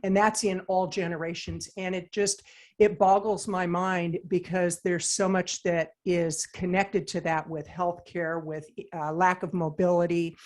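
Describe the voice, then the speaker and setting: A woman, a podcast guest talking in long, animated run-on sentences. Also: fairly low pitch. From United States. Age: 60s. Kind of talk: casual chat.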